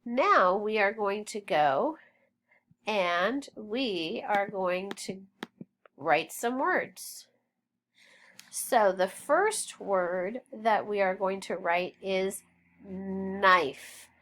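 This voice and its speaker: A woman leads a phonics lesson at a very slow, deliberate pace, stretching out each word. Her pitch sits in a middle range, and she sounds patient and encouraging as she spells out letters and sounds. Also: expressive, a bit bright, a little hiss or hum. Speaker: phonics teacher.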